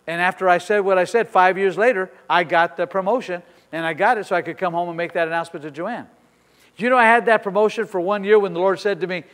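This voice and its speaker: Older guy pastor preaching, kinda high voice, acts out the dialogue, gets loud, big echoey church hall. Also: quick pace. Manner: animated, acts out dialogue, repeats phrases, builds to shouts. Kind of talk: sermon storytelling.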